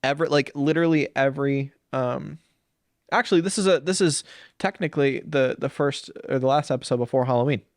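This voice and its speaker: Young male podcast host, crude and rambling, average pitch, dry close sound. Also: brisk, no room sound. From Saint Paul, Minnesota. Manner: rambling, crude, jokey, slips into silly voices for bits. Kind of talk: comedic solo podcast rant.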